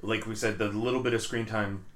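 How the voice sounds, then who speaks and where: A man's voice: lowish voice, flat delivery, a little fast, fairly bright tone, slight background noise. A man chatting casually about a film, hesitant, trailing off and restarting often. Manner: hesitant, many fillers and restarts.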